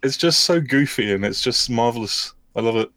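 A man on a podcast, warmly and enthusiastically praising a favorite subplot. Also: mid-range voice, expressive, moderate pace, dry recording. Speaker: podcast co-host. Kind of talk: casual chat.

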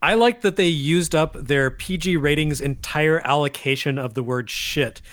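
Male host, slightly high voice, dry close sound, wry tone. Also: normal speed, fairly bright tone, no room sound. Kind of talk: casual chat.

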